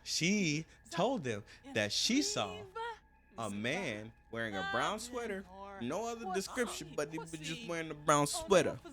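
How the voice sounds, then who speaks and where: A young man recounts a crime case in loose, joking street slang, talking straight to his listeners. His voice sits a bit high for a man, with soft background music underneath. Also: big pitch swings, normal speed. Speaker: storyteller. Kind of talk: casual true-crime storytelling.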